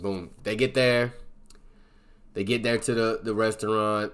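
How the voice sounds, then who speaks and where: Casual male film reviewer with a low voice who rambles through the plot on filler words. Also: fairly even intonation, unhurried, pauses often. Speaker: movie reviewer.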